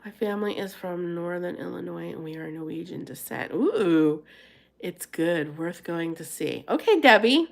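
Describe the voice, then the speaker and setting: A woman's voice: on the low side, animated, moderate pace, vocal fry. A woman from Pennsylvania hosting a casual live chat, reading and answering viewer comments and laughing often. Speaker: live stream host.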